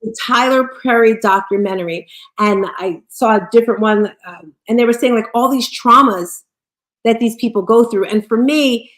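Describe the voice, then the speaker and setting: A woman's voice: on the high side, moderate pace, fairly bright tone. A woman co-hosting a casual live stream, talking with passion and emotion and often repeating herself. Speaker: co-host. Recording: echoey room.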